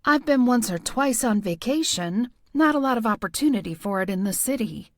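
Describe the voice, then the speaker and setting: A woman's voice: fairly high pitch, animated, fairly quick, close to an everyday voice. A woman voicing a genial older male small-town police chief who asks folksy, probing questions. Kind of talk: audiobook character voice.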